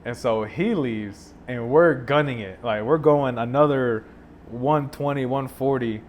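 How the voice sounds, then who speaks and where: A young man telling a story in a casual podcast chat, laid-back and animated, with plenty of fillers. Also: mid-range voice, measured pace, a little hiss or hum.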